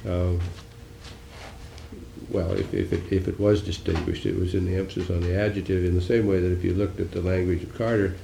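Older male politician, low gravelly voice, wry and rambling, speaking in an echoey hall. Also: flat delivery, brisk, noisy background. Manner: dry, wry humor, musing and digressive. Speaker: senator answering audience questions. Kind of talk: political talk with audience Q&A.

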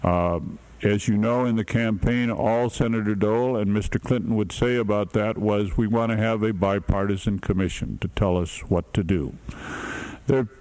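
A man with a fairly low voice lays out political analysis in a measured, deliberate way. He pauses often with "uh" as he picks his words. He sounds middle-aged and speaks like a seasoned commentator. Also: fairly even intonation, a little mellow, low-quality recording.

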